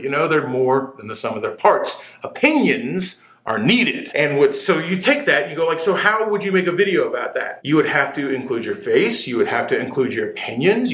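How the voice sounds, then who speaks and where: A man rants to the camera with big opinions, swearing and tripping over his restarts while he gets sweaty. His voice sits slightly high and sounds bright and sharp. With no microphone, the room around him echoes. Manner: animated, opinionated, profane, stumbling restarts. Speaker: motorcycle channel host. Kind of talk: casual rant to camera. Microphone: camera mic, no dedicated microphone.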